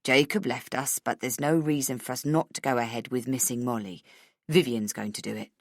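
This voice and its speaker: A calm, firm middle-aged man in charge, speaking in a measured, matter-of-fact way with a lowered, even voice, as a woman narrator puts him on. The recording is dry and up close. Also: no room sound.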